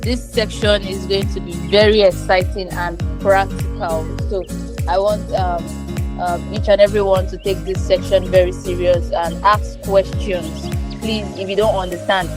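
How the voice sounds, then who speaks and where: A woman's voice: medium pitch, steady tone, a little slow, over music. A woman moderating an online graphic design class, speaking with hesitant fillers and repeated polite requests.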